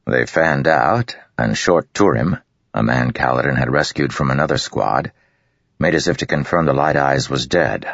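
Very deep, gravelly man narrating. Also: animated, moderate pace, fairly bright tone, dry recording. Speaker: audiobook narrator. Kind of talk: scripted narration. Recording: dull, muffled dry recording.

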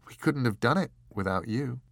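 A man's voice: mid-range voice, lively intonation, moderate pace, gravelly, no echo, studio quality, voice pushed up. A man voicing a small, earnest young woman in an audiobook, raising his voice and speaking sincerely. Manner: light, raised voice, sincere. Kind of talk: audiobook character voice.

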